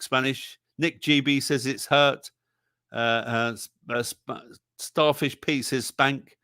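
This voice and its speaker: A man's voice: medium pitch, bright, forceful tone, no room sound, clean studio sound. A man hosting a livestream song quiz in a jokey, casual way, reading out the chat's answers. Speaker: livestream show host.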